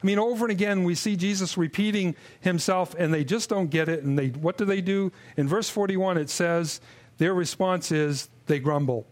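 A man with a notably high-pitched voice delivers an expository sermon. He speaks earnestly, stumbling into restarts and repeated words. When he mimics grumbling he drops low and quiet. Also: normal speed. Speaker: preacher.

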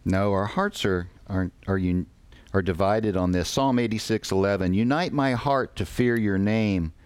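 A man preaching a sermon, reading scripture slowly and deliberately with pauses. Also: lowish voice, a little mellow, clean tone, dry recording.

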